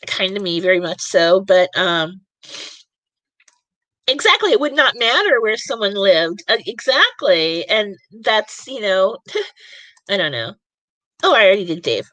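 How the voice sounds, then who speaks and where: A woman's voice: mid-range voice, fairly bright tone, dry recording. A woman in her forties hosting a live podcast panel, talking in an emotional, rambling way with many fillers. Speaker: podcast host. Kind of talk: live panel show chat.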